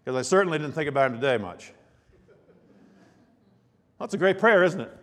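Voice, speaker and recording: A middle-aged man preaching a sermon, animated, swinging between hushed and emphatic delivery. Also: on the high side, normal speed. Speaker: pastor. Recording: long hall reverb.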